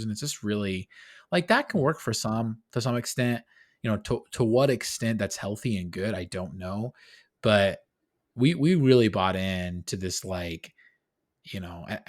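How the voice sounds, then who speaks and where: A man co-hosting a podcast in casual chat, animated and rambling, often poking fun at himself. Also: lowish voice. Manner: animated, rambling, self-deprecating. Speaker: podcast co-host.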